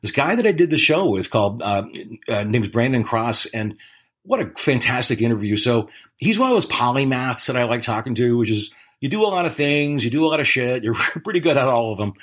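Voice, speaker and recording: A podcast host talks in a mid-range, sing-song voice that is brisk and fairly bright, though worn out after several interviews that day. His casual interview chat is rambling and effusive, and he laughs often.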